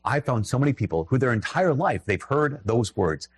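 A man's voice: mid-range voice, sing-song, normal speed, husky, no room sound. A man with a Minnesotan accent giving a conversational, emphatic sermon, breaking off into restarts and little laughs.

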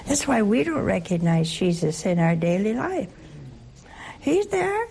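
A woman leading a Catholic Bible study, teaching in an animated, playful way and asking her listeners questions. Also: mid-range voice, unhurried, gravelly, slight background noise. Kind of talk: lively scripture teaching to a group.

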